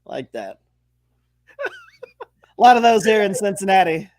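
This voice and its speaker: A man co-hosting a casual sports podcast, quick with jokes and quips. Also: sits high, big pitch swings, darkish tone. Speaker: co-host.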